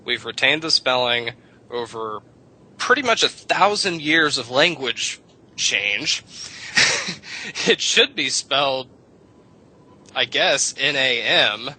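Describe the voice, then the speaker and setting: A man with a mid-range, husky voice that sounds pushed and bright talks slowly, with lively intonation and long pauses, on a radio show. He lectures in a rambling way about the history of English vowels, cursing casually, and the recording quality is low.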